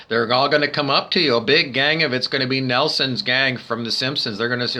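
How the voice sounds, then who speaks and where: A man rants at his audience from indoors beside a window, looping back to "I don't know" between jabs. His voice has a bright, forceful edge and sits at an average pitch. The delivery is loose and meandering, blunt to the point of insult. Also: fast, few pauses. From Canada. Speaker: spiritual vlogger. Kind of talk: rambling monologue rant.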